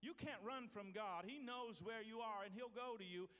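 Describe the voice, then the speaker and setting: A male pastor preaching a sermon, swinging from loud to hushed. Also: high-pitched, normal speed. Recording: hall reverb.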